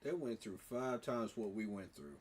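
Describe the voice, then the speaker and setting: Guy ranting about his team like a sermon, husky voice, gets all emotional and repeats himself. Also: on the low side, expressive, normal speed. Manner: preachy, emotional, repeats phrases for emphasis. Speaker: sports fan commentator. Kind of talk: impassioned fan monologue.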